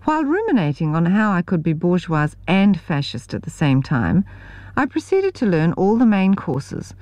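A New woman reads her memoir with a wry, deadpan edge. Her voice sits a little low yet moves with lively inflection. The recording is close and dry. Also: moderate pace, no room sound. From New Zealand. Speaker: memoir reader. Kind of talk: scripted narration.

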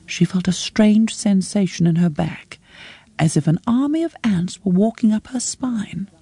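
A woman narrating a story in a measured, close storytelling read. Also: mid-range voice, dark tone, slightly rough, dry recording. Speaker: audiobook narrator. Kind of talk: scripted narration.

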